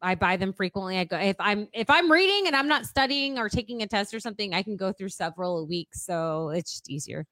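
A woman's voice: mid-range voice, animated, quick pace, hardly any pauses, fairly bright tone, no echo. A woman co-hosting a podcast, chatting in a bubbly, teasing way and laughing often. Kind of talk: casual podcast chat.

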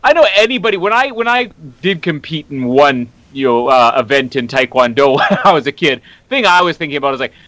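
A man's voice: fairly high pitch, lively intonation, brisk, few pauses, fairly bright tone, dry recording, poor audio. A man co-hosting a podcast, telling stories in an easygoing way and chuckling. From Canada. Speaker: podcast co-host. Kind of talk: casual chat.

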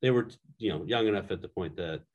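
A man casually recalling evenings with his young kids in a relaxed, rambling way. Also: deep voice, fast talker, muffled recording. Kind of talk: casual conversation.

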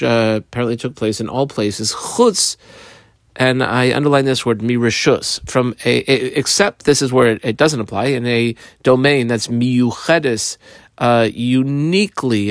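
A man's voice: mid-range voice, no echo. Man teaching a text study lesson, dry sound. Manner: explanatory, marks up the text as he reads. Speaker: Talmud teacher. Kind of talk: page-by-page Talmud lesson.

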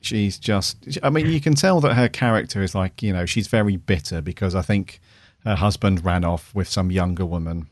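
A man's voice: low-pitched, normal speed, few pauses, no echo, clean studio sound. A man co-hosting a podcast, talking casually and rambling with many "you know"s. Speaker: podcast co-host. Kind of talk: casual review chat.

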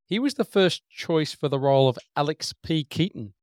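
A man co-hosting a movie podcast, briskly reading out trivia about actors. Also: on the high side, expressive, a little mellow, no room sound, clean studio sound. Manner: brisk, reads out facts. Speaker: podcast co-host presenting trivia. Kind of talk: casual movie podcast chat.

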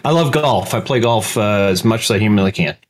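A man with a lowish voice takes part in a role-play on a video call. He answers in a relaxed, slightly hesitant way, with fillers. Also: fairly quick.

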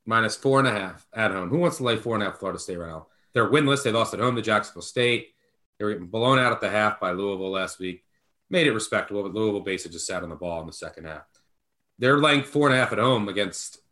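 A man's voice: on the low side, sharp tone. A man co-hosting a sports betting podcast, talking emphatically with a jokingly apologetic edge. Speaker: podcast co-host, betting analyst. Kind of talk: casual sports betting chat.

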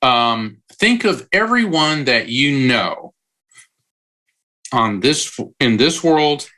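A man's voice: medium pitch, animated, slow, sharp tone. A man who works as a psychic medium, giving an interview guest's long explanations full of analogies and the odd digression. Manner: explains at length with analogies, prone to digressions and restarts.

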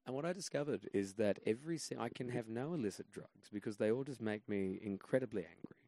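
Low-voiced Australian man telling stories. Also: dry recording. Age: 20s. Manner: measured low-key delivery that gets animated in stories. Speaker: podcast guest, comedian. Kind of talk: casual storytelling chat.

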